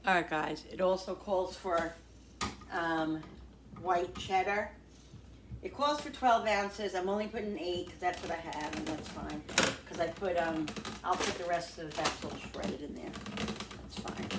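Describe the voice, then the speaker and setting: Middle-aged woman, chatty home-cooking vlogger, heard from across a roomy kitchen with steady noise behind her. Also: fairly low pitch, a little slow. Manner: chatty, thinks aloud, addresses viewers as guys. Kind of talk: casual chat while cooking. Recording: echoey, distant, noisy kitchen.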